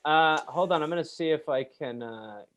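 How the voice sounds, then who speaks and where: A man with a light Wisconsin accent hosts a casual podcast over a video call. His voice sits a little high, and he teases his way through the conversation. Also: normal speed, fairly bright tone. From Wisconsin, USA. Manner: joking, playful, slips into silly English voices. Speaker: podcast host. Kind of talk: casual chat.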